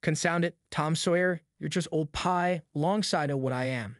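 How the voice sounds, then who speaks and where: A man's voice: fairly high pitch, moderate pace, no echo, clean studio sound, natural voice. A man voicing scared backwoods boys. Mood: scared whisper. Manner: rustic dialect drawl, hushed and fearful. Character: two frightened backwoods boys whispering at night.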